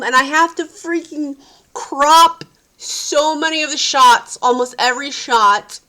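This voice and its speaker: A woman's voice: sits high, measured pace, bright, forceful tone. A sleep-deprived woman, a parent, venting in a casual vlog with profane, exasperated rants. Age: adult parent. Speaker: vlogger.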